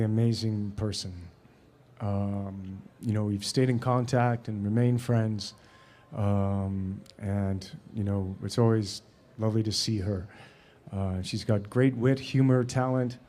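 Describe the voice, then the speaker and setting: A man in his fifties, a film director and actor, answering audience questions in a relaxed, halting way with many fillers and restarts. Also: lowish voice. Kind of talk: relaxed storytelling in a live Q&A.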